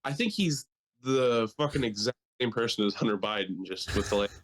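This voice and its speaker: A man's voice: lowish voice, brisk. A young man from Delaware co-hosting a podcast, swearing freely and joking in a loose, rambling way. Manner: loose, profane and joking, slips into mocking impressions. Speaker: podcast co-host. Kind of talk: casual chat.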